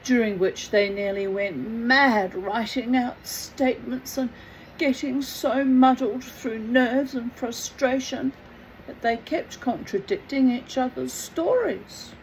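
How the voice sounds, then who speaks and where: A woman's voice: on the high side, slow pace, slight background noise, rough recording. A woman reading a book aloud, with chatty, self-mocking asides. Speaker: reader.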